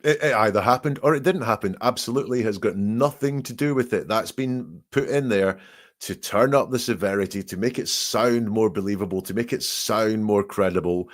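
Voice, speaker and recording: A man's voice: fairly low pitch, normal speed. A man working as a statement analysis expert, reading quoted testimony aloud and picking apart the word choices in analytical commentary.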